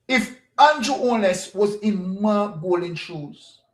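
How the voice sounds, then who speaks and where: A man's voice: sits high, lively intonation, slow pace, echoey room. A Jamaican man giving an opinionated political monologue as a commentator, pressing his points with rhetorical questions and repetition.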